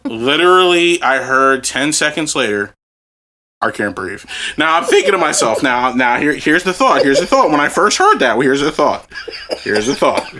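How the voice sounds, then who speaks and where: A man on a podcast spins a story in an easygoing, comic way, laughing as he goes and cursing without a second thought. His voice sits a bit high and rings bright and forceful, and it leaps up and down all through the telling. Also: moderate pace, slight background noise. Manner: animated, laughs while telling, swears freely. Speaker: podcast co-host. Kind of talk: casual comedic storytelling.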